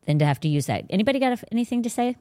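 A woman's voice: on the high side, sing-song, very fast, mellow, no room sound. Emphatic woman host, casual faith talk, dry close sound. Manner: blunt, emphatic, preachy. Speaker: podcast host.

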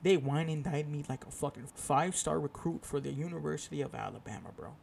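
This young man hosts his own podcast, rambling through a profane, self-deprecating story in a casual solo chat. His voice is fairly high, fast and gravelly with a slightly mellow quality, and there's a bit of hiss or hum.

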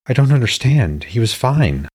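A man voicing a distraught adult goddess in a storybook reading, pitching his voice up for her urgent, disbelieving questions. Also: very animated, normal speed, darkish tone, slightly rough.

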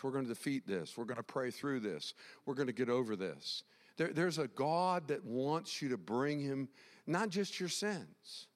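A man preaching a sermon as pastor, emphatic and animated, repeating phrases as he builds his point. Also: on the high side, in a large hall. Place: church sanctuary.

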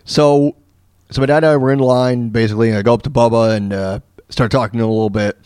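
A man from Florida hosts his own podcast and tells a long story in a loose, rambling way. He restarts sentences and fills pauses with lots of fillers. His voice sits at an ordinary middle pitch, and it is recorded close and dry. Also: steady tone, darkish tone, clear, resonant tone, no echo. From Florida, USA. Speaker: podcast host. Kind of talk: casual storytelling monologue.

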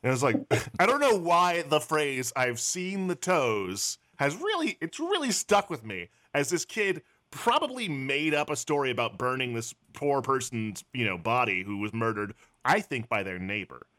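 A man's voice: mid-range voice, very animated, normal speed, few pauses, pushed and bright. A man co-hosting a podcast in casual chat, playful and jokey, slipping into silly sung bits. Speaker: podcast co-host.

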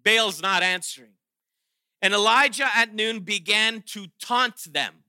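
A man preaching a sermon, animated and playful, often restarting his sentences and acting out quotes with sarcasm. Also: sits high, a little slow, clear, resonant tone, no room sound, studio quality. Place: chapel or auditorium.

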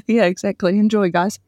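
A woman co-hosting a podcast in casual chat, laughing often and turning animated when amused. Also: medium pitch, dry recording, muffled recording. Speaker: podcast co-host.

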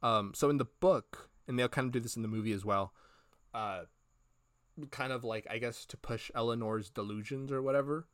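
A male podcast cohost talks through a story in a loose, rambling way, filling gaps with "like" and "uh" and acting out bits of dialogue. His voice sits at an ordinary middle pitch. The sound is close and dry, with no room around it. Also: moderate pace, no echo. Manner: rambling, animated retelling with many fillers and acted quotes. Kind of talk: casual review chat.

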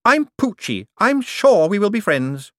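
A man's voice: high-pitched, big pitch swings, unhurried, a bit bright, no room sound, clean studio sound, voice pushed up, full character voice. A man voicing a large, predatory society woman who talks in a sugary, cloying way in an audiobook.

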